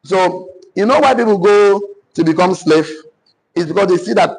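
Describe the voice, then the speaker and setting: Husky Nigerian man dictating lessons. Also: high voice, a little mellow, rough recording. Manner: repeats phrases slowly for note-taking; preacher-like, cites scripture. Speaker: business mentor. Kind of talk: motivational teaching session.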